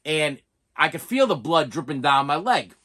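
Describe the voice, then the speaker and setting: A man's voice: on the high side, big pitch swings, moderate pace, pushed and bright. A man in his forties telling a self-mocking story in a casual vlog, stammering and often saying "listen". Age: 40s. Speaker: vlogger.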